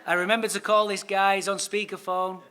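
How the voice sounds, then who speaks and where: A man tells a story at a recovery conference, jumping between narration and the voices of the people in it. His voice sits high and rings bright and punchy, and he swears casually as he talks. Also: a little fast. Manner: animated, swearing, acts out his own dialogue. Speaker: recovery speaker.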